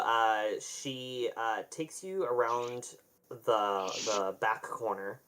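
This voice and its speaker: Game master with rambling narration. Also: medium pitch.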